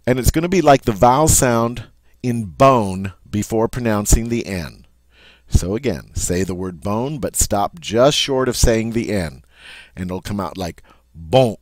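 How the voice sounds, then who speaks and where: In a pronunciation lesson with no echo, a male teacher at medium pitch walks through French sounds one by one. He demonstrates each patiently and checks in with "all right?" along the way.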